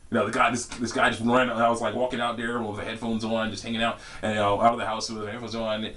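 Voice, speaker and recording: A young man telling a story in a casual vlog, rambling and laughing often, jumping into high voices for quotes. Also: little pitch movement, fast, fairly bright tone. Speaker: vlogger. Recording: distant from the mic.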